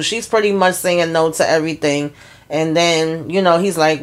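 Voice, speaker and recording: A woman's voice: sits low, fairly even intonation, moderate pace. A woman casually recapping a TV episode scene by scene, in loose, chatty storytelling with wry asides. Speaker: show recap vlogger.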